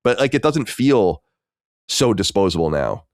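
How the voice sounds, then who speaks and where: A man's voice: lowish voice, a little slow, no room sound, studio quality. A man in his thirties co-hosting a podcast, chatting casually and telling rambling stories with some swearing. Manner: animated, swearing, rambling storyteller. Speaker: podcast co-host.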